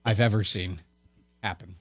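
A man's voice: fairly low pitch, steady tone, moderate pace. A man co-hosting a radio talk show in a studio, teasing the host in casual, wry banter.

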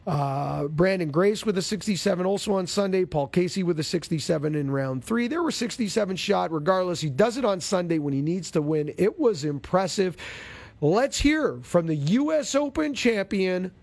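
A man's voice: high voice, lively intonation, moderate pace, gravelly, a little mellow. A male golf show host chatting casually with a co-host and reading a product plug in a self-deprecating way. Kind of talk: casual show chat and ad read.

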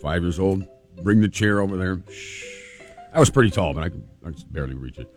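A middle-aged man from California, host of a storytelling show, telling a childhood story in a relaxed, chatty way with restarts. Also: sits low, fairly quick, soft background music. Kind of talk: casual personal storytelling.

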